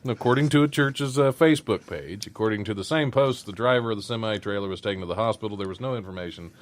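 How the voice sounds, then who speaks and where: A man's voice: lowish voice, fast. A man hosting a casual comedy podcast, reading out strange news stories with wry asides and frequent laughter.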